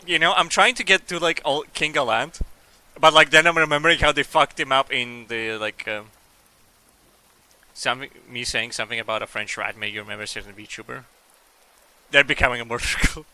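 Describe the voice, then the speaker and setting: Bright-voiced laughing game streamer man. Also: medium pitch, fairly quick, no room sound. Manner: rambling, laughing, swearing freely. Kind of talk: casual gaming stream commentary.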